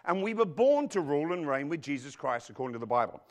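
A male pastor delivering a sermon in a church, his voice pitched a bit high and swinging widely in tone. He keeps turning to the congregation with questions and asks them to answer back. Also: sing-song, fast, a little mellow. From outside the United States. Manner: preachy call-and-response with the congregation.

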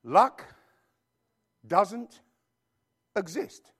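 A man preaching a sermon, emphatic and animated, throwing rhetorical questions at his congregation. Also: sits high, extremely slow, husky.

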